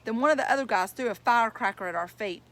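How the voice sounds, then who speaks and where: A woman's voice: a little high, fast, fairly bright tone. A woman reading a novel aloud, telling it in plain first-person storytelling. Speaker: reader.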